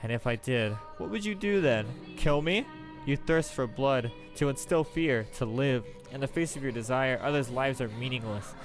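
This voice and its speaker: A man voicing a cruel, taunting maid, speaking quietly and with contempt. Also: medium pitch, moderate pace, soft background music, natural voice. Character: cruel mocking maid, cold and sneering.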